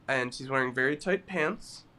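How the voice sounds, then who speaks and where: A man co-hosting a podcast, telling stories in a giggly, animated casual chat. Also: medium pitch, moderate pace, clear, resonant tone. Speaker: podcast co-host.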